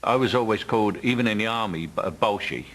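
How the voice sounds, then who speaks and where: A man's voice: lowish voice, quick pace, low-quality recording. A man in his seventies with a Cockney London accent, telling anecdotes in an interview and putting on other people's voices when he quotes them. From England. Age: 70s. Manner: storytelling, mimics others in quotes. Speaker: interviewee actor. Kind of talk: casual anecdotal chat.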